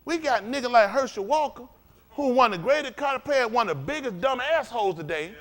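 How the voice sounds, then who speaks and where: Man preaching, high voice, very animated pitch, emphatic repetition. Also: a little fast. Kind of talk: fiery sermon.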